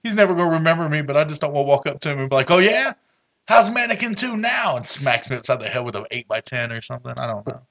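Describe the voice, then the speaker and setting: A man's voice: mid-range voice, rapid-fire, creaky, few pauses. A man co-hosting a casual movie podcast, telling stories and acting out quotes with lots of energy. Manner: animated storyteller, acts out quotes. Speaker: podcast co-host.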